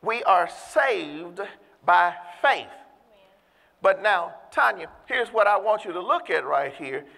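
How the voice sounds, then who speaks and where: A man with a high voice preaches a sermon in a church. He speaks emphatically and calls out to his listeners, drawing out the words he wants to land. The sound carries a long hall reverb. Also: expressive, creaky, sharp tone. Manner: emphatic, calls out to the congregation, slows down to stress key words.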